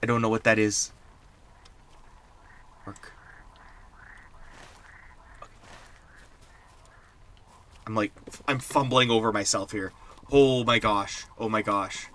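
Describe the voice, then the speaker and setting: Excitable male game streamer, bright and drawn out, rambling chatter. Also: on the low side. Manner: excitable, rambling, quick to laugh. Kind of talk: live gameplay stream chat.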